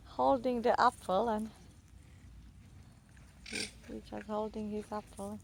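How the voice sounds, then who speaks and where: A woman's voice: on the high side, fairly even intonation, measured pace, vocal fry, long pauses, darkish tone. A woman giving casual travel commentary in a park by the beach, chatting and laughing often between remarks. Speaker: vlogger. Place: outdoor park near a beach. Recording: outdoor background noise, birds.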